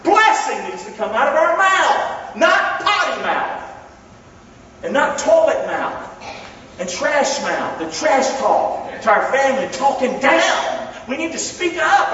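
Pastor, male, high voice, folksy, emphatic sermon delivery, recorded from a distance in a long-reverb hall. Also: very animated, a bit bright, slight background noise. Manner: folksy, joking, calls on the congregation to answer; emphatic, slows down to stress key words. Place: church sanctuary. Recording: echoey hall, distant dull mic.

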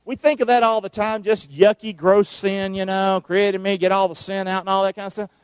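A male preacher, giving a sermon, calling on the congregation to answer and shouting verses out. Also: high voice, level tone, brisk, clear, resonant tone, no room sound. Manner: calls for responses, shouts the verses out.

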